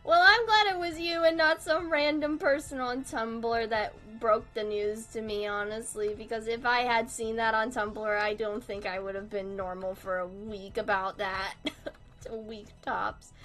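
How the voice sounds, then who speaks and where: A woman's voice: on the high side, steady tone, measured pace, a bit bright, soft background music. A young woman chatting casually on a live stream while drawing, swearing freely and laughing through her sentences. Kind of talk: casual livestream chat.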